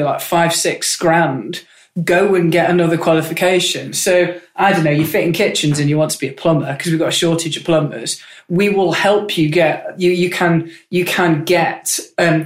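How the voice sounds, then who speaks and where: An upbeat, chatty woman, speaking as a politician guest on an interview. She talks with eager conviction in a roomy office. The room gives her voice a noticeable echo. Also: low voice. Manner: enthusiastic, chatty, upbeat advocate. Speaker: member of parliament, guest. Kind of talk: candid conversational interview.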